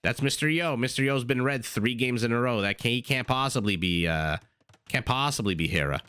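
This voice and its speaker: A man's voice: low-pitched, expressive, slow, bright, forceful tone, smooth, no room sound, full character voice. A man putting on a brash New Yorker voice. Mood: insistent. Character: his own eyes arguing back, a brash New Yorker man.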